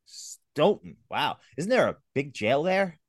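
A man's voice: fairly high pitch, slow pace, husky, no echo, studio quality. A man hosting a podcast interview, chatting casually and telling stories animatedly, acting out the voices of other people. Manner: animated storyteller, acts out quotes. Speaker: podcast host.

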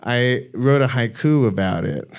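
Slow-talking, laughing man. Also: medium pitch, darkish tone. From Arizona. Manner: rambling, laughs often. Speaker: guest. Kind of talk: casual chat.

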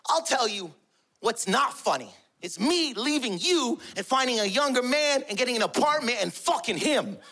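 A man playing his shrill immigrant mother, scolding and shouting at her husband. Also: lively intonation, normal speed. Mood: sarcastic, furious.

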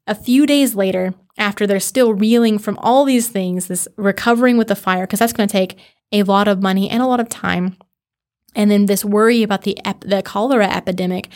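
Earnest woman narrating a history podcast. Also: mid-range voice. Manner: earnest, conversational, slows down for dramatic emphasis.

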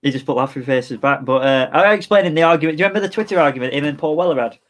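A man, a podcast guest chatting casually with quick, chatty asides. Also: a little high. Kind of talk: casual chat.

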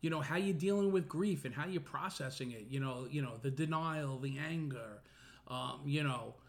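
Middle-aged male podcast host, earnest and rambling, voice sits a bit high. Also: normal speed. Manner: earnest, many fillers and restarts. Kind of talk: casual personal monologue.

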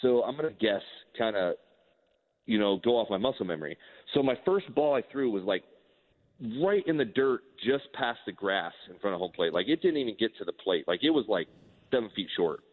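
A man in his forties, a former pitcher, telling a story in a casual, rambling way, full of "like" and restarts. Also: brisk. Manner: rambling, animated, heavy use of "like". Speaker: former baseball pitcher, guest. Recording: tinny phone-like line with long reverb.

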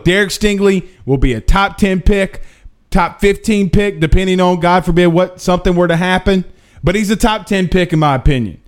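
A young man hosting a sports podcast, talking casually and energetically, repeating himself for emphasis. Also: sits high. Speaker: podcast host.

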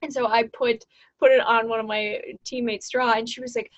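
A woman's voice: fairly high pitch, brisk, no room sound. A young woman co-hosting, casually telling a funny story and acting out what others said, often laughing. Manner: animated, laughing, acts out quoted voices. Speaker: co-host. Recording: dull lo-fi sound.

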